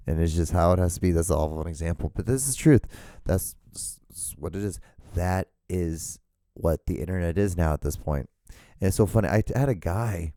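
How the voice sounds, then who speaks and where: A man's voice: low-pitched, mellow, clean tone, no room sound, clean studio sound. A man hosting a solo podcast, rambling and ranting with lots of swearing and restarts. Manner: rambling and profane, rants with frequent restarts. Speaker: podcast host.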